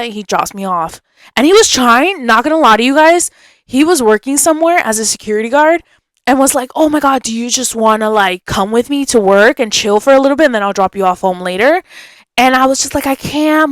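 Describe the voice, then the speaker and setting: A young woman hosting a podcast, telling a story in a chatty, animated way and acting out what people said. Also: a little high, fairly quick, no room sound. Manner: animated, chatty, acts out quotes. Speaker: podcast host. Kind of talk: casual storytelling.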